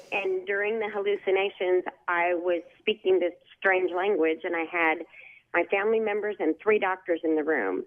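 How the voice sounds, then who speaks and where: Woman caller on a tinny phone line. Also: on the low side. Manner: earnest storytelling. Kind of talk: phone call to radio show. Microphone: telephone.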